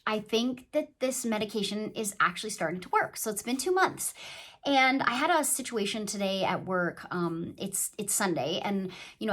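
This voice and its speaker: A woman vlogger in casual chat, telling stories in a chatty, animated way. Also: mid-range voice.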